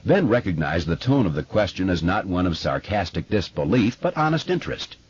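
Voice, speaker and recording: A man narrating an audiobook in a measured, expressive way, recorded in a studio. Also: low voice, slightly rough, dull audio. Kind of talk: scripted narration.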